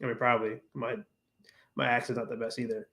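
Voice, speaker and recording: A man's voice: medium pitch, flat delivery, quick pace, sharp tone. Rambling man chatting on a livestream. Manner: rambling, many restarts and fillers, mixing English and Spanish. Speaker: livestream host. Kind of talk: casual chat with viewers.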